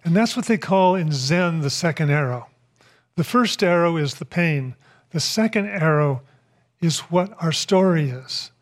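A man giving a spiritual talk, telling a personal story in a reflective, unhurried way with pauses. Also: on the high side, animated. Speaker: speaker.

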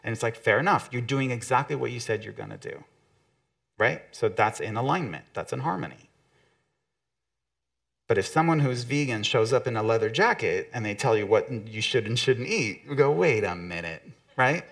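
A man's voice: medium pitch, lively intonation, moderate pace, creaky, fairly bright tone. A man giving a conversational motivational talk to an audience, often acting out quotes from other people.

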